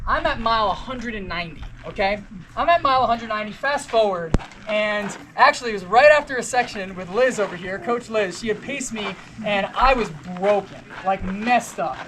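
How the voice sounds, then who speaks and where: A woman's voice: mid-range voice, lively intonation, normal speed. A young woman giving a motivational talk to runners at a race event, telling a story and acting out the dialogue with casual slang. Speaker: motivational speaker at a race briefing. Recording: noisy outdoor ambience.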